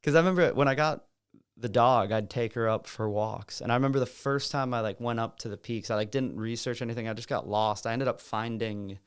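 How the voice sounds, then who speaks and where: A man from the United States, a guest ice hockey player, chatting casually and telling relaxed stories full of fillers. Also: mid-range voice, brisk, clean tone. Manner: relaxed, filler-heavy, laughs through his stories. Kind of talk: casual chat.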